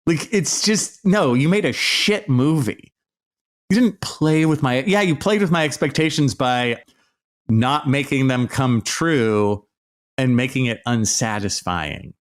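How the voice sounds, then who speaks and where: A man's voice: medium pitch, lively intonation, unhurried. A man hosting a podcast, delivering an exasperated, sarcastic solo rant with plenty of swearing. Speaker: podcast host.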